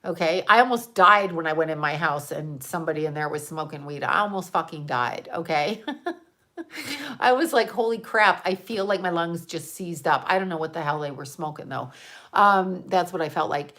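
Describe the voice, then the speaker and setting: A woman's voice: deep voice, expressive, moderate pace, pushed and bright. A middle-aged woman from Canada, chatting bluntly and emphatically on a casual livestream, swearing freely and laughing often. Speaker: livestream host.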